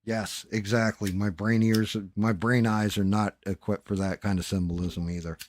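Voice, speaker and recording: A man's voice: on the low side, little pitch movement, normal speed. A man hosting a casual late-night livestream, tired and rambling, with loose, profane talk. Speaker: livestream host.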